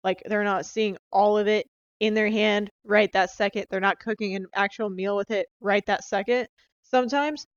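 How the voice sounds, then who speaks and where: A woman's voice: medium pitch, steady tone, moderate pace, no echo, highs cut off. A young woman casually recapping her sales training into a handheld phone, chatty and upbeat with lots of fillers. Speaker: sales rep.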